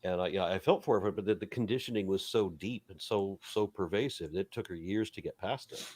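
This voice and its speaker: A man's voice: low voice, a little fast, a little mellow, slightly rough, no echo. A man hosting a casual panel chat and reading out viewer comments with a chuckle. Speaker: host.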